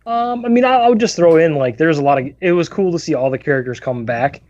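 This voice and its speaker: A man's voice: a little high, animated, fast, darkish tone, muffled recording. A man co-hosting a casual movie review podcast, sharing trivia in a rambling way with fillers. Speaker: podcast co-host.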